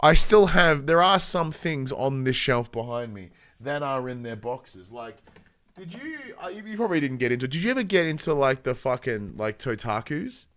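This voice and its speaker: A man's voice: medium pitch, sing-song, normal speed, fairly bright tone, no room sound. An Australian man co-hosting a podcast, telling rambling stories with lots of fillers and chuckles. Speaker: podcast co-host. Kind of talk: casual podcast chat.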